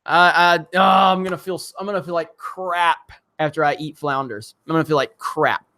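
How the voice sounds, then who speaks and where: The voice is on the high side, pushed and bright, with fairly even intonation and a moderate pace. It belongs to a man from Alabama who hosts a live stream, enthusiastically reading viewer chats in a casual, filler-heavy way.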